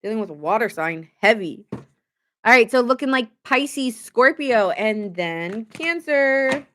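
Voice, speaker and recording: A woman's voice: fairly high pitch, lively intonation, measured pace, a bit bright, slight background noise. A woman giving a casual live tarot reading, chatty and often laughing as she acts out what people say. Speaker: tarot reader streaming live.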